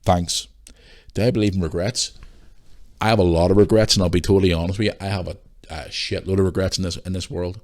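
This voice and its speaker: Speaking fast in a deep, darkish voice with fairly even intonation, this podcast host is a middle-aged Northern Irish man. Tired and yawning, he rants bluntly and swears freely through his casual solo chat.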